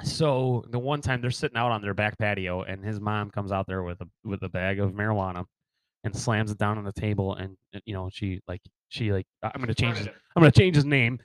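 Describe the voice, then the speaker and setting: A man's voice: fairly low pitch, steady tone, a little fast, clean tone, dry recording, rough recording. A man co-hosting a podcast, chatting casually and telling a story on a close mic, often breaking into laughter. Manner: laughs often, trails into giggles. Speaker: podcast co-host.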